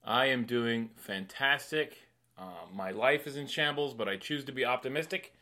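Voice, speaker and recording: A man, a comedian and podcast co-host, telling animated stories in casual chat and acting out voices. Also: medium pitch, normal speed. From New York City. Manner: animated, acts out voices with laughs.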